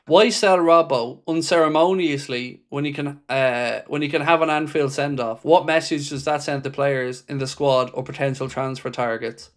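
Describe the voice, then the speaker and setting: A man's voice: medium pitch, steady tone, moderate pace, few pauses. Impassioned man hosting a fan livestream. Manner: impassioned, blunt, swears freely; reads viewer comments aloud and answers them. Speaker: football fan channel host. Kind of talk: livestream reaction chat.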